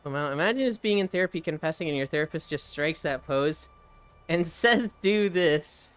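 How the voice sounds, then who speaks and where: A live streamer chatting casually while walking on a treadmill, reading chat aloud and telling stories with lively animation. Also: medium pitch, a little fast, clean tone. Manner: reads chat aloud and riffs, animated storytelling.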